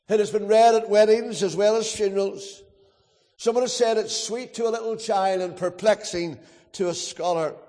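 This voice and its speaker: A man's voice: high voice, mellow, big-room sound. A man preaching a sermon in a church, stressing words through emphatic repetition and leading the congregation in recitation. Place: church sanctuary.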